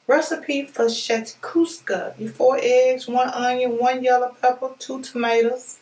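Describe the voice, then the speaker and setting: A woman vlogger, chatting excitedly with viewers as she unboxes a package. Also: fairly high pitch, a little slow. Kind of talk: excited casual unboxing chat. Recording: echoey room, voice a bit far from mic.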